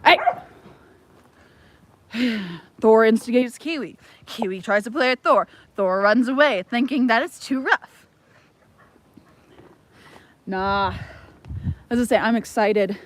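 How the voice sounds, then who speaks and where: A woman from Ohio chats her way around her homestead on a livestream. Her voice sits a touch high, and she rambles and gets distracted easily. She breaks off now and then to talk to her dogs. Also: lively intonation, moderate pace, long pauses, fairly bright tone. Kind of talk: casual livestream chat. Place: outdoors on a homestead.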